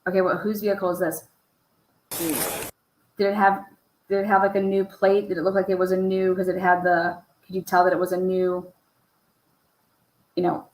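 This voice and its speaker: A woman's voice: on the low side, monotone, normal speed, long pauses, a little mellow, echoey room, slight background noise, low-quality recording. A woman giving casual true crime commentary over case footage. She swears freely and fires off pointed rhetorical questions. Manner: profane, rhetorical, asks many pointed questions.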